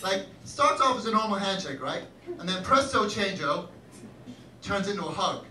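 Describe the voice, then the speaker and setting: A man with a fairly high voice delivers a wry, self-deprecating stand-up comedy set, breaking into loud shouted bits. He sounds a little far from the mic in an echoey comedy club, with heavy crowd laughter around him. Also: animated, moderate pace, a little hiss or hum. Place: comedy club stage with live audience.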